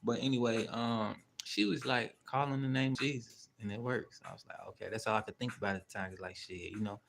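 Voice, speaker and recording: A man's voice: lowish voice, fairly even intonation, a little fast, creaky, fairly bright tone, slight background noise. A man hosting his own channel, telling a story in a loose, rambling, slangy way with heavy swearing. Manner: rambling, with many fillers and asides. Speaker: channel host. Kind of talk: casual spoken storytelling.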